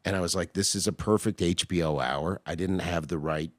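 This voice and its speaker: A middle-aged comedian from Canada telling crude, blunt stories in casual talk, often dropping to a low, hushed voice. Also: male voice, steady tone, a little fast, no echo, studio quality. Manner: crude, blunt storyteller who drops to a low, hushed voice for confessions. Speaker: comedian guest. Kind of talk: casual podcast storytelling.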